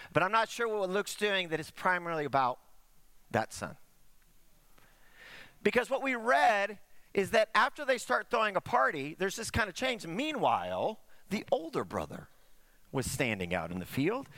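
Animated, high-pitched preaching man. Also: no echo. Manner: animated preaching, drops to quiet asides, slows for emphasis; asks the congregation "Amen?". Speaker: pastor. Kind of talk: sermon.

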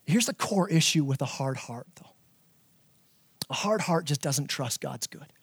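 A middle-aged man preaching a sermon as pastor, animated, often repeating words as he builds a point. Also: measured pace, slightly rough, dry recording. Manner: animated, repeats words, acts out his kids in a high voice.

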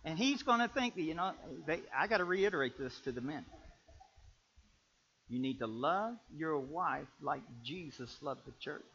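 High, bright-voiced animated preacher man. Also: normal speed. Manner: animated, swings from shouting to low storytelling. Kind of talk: sermon on marriage. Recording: muffled lo-fi recording.

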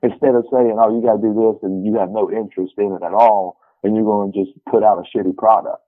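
A man's voice: fairly low pitch, steady tone, fast, dry recording. Wrestler guy talking big and folksy, cussing some, thin phone sound. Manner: brash, folksy, swears casually. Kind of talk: casual interview. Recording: tinny phone line.

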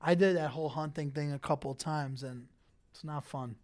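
A woman hosts a casual chat, relaxed and quick with a joke. Her voice is notably low for a woman. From Brooklyn, New York. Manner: relaxed, joking.

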